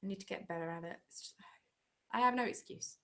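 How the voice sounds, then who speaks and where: A woman's voice: mid-range voice, fast talker. A woman from England hosting a casual live-stream chat at home, answering viewer comments in a chatty, self-deprecating way. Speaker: craft channel host.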